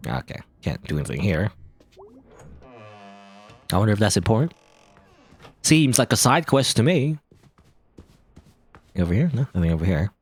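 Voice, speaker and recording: A man's voice: fairly low pitch, sing-song, normal speed, pauses often, husky. A man casually commentating on a video game as he plays it, chatty and rambling. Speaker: let's play host.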